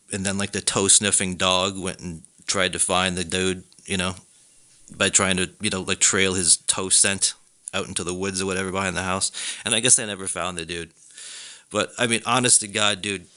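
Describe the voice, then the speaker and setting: A man hosting a podcast, ranting in a casual comic monologue, swearing often and mocking people in high put-on voices. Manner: animated, profane, laughs often, slips into high mocking voices. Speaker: podcast host.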